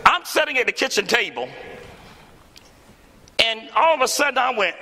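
A male pastor preaching to a congregation, telling a story in a lively, theatrical way and acting out the dialogue. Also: quick pace. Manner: animated, acts out dialogue with big pitch swings. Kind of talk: storytelling sermon. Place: church hall before a congregation. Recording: echoey church hall.

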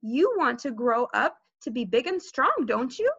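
A woman's voice: a little high, sing-song, a little slow, creaky, fairly bright tone, breathy edge, dry recording, full character voice. A woman voicing an anxious, coaxing mother in a children's story, in a dull lo-fi recording. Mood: pleading. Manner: pleading, coaxing. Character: anxious pleading mother, middle-aged woman.

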